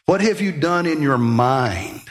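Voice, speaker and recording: A man's voice: fairly high pitch, lively intonation, measured pace. A man preaching a sermon, emphatic, with rhetorical questions and sudden rises in emphasis. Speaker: pastor.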